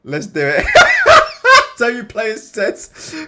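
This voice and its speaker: A man hosting a casual boxing livestream in an animated, bantering way, swearing freely. His pitch sits a bit high for a man and swings widely from line to line. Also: slow. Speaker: boxing channel host.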